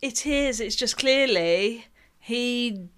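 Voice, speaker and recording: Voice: mid-range voice, takes it slowly, a bit bright, clear, resonant tone. A podcast co-host in casual chat, agreeing often and adding short remarks. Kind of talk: casual chat recapping a baking show.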